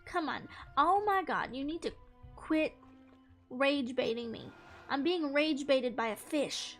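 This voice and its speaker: A woman's voice: high voice, measured pace, faint music behind. A young woman giving casual, playful gameplay commentary, mock-exasperated and talking to the fish on screen. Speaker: gaming streamer.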